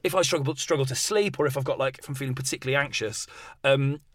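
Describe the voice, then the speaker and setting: A man's voice: medium pitch, fast, a bit bright, no echo. A man in his thirties from England, chatting casually as podcast host in a self-deprecating way. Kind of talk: casual chat.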